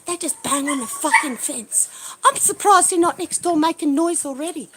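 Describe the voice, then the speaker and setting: A high-pitched woman films herself on a handheld phone outdoors in her backyard. She rants and swears, swinging from loud, furious outbursts down to low, muttered asides. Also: moderate pace, slight background noise. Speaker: livestreamer. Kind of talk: agitated livestream rant.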